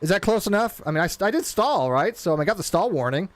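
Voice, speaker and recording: Excitable man rambling over a flight sim. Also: high voice, fast talker, no room sound. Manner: rambling, self-interrupting, excitable. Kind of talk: casual live gameplay commentary.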